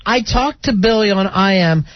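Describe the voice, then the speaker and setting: A man's voice: high-pitched, normal speed, dry recording. A man hosting a radio call-in show, needling his guest in studio banter. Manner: teasing, needling. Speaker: radio host. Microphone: studio mic. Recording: dull dry radio broadcast.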